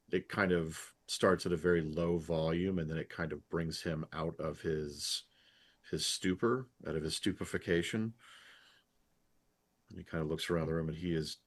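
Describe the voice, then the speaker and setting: Man tabletop player, extremely deep husky voice, tentative thoughtful narration. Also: fairly even intonation, unhurried, long pauses. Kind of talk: in-character tabletop role-play.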